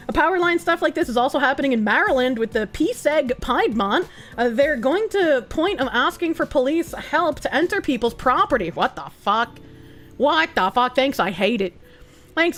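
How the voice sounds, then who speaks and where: A woman livestreamer in casual chat, telling a story in an animated way, laughing often and swearing freely. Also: high voice.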